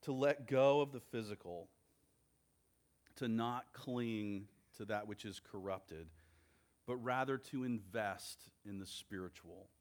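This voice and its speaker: Slow, earnest male preacher. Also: fairly low pitch, a little mellow. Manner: measured, earnest, with slow deliberate phrasing. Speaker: pastor. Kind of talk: sermon.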